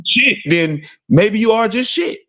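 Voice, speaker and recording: A man's voice: high-pitched, animated, measured pace, a crowd in the background. Blunt, profane man ranting about football. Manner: blunt, profane, rambling and repetitive; rhetorical "see what I'm saying?" asides. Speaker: sports talk host. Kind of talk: casual sports talk livestream.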